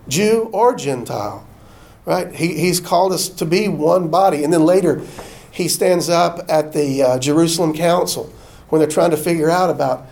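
A man preaching a sermon, folksy and animated, acting out the quotes he tells. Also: on the high side, creaky. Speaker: pastor.

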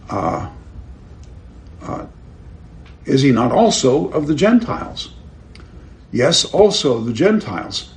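An older man teaching a Bible class in a conversational way, asking his listeners questions and chuckling at his own stories. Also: medium pitch. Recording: roomy with faint background noise.

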